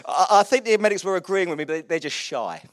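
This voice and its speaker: A man's voice: high voice, animated, fast, slight background noise. A middle-aged man preaching a sermon in a loose, self-mocking, chatty way. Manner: chatty and self-mocking, with frequent laughs and restarts. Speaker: pastor. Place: church hall.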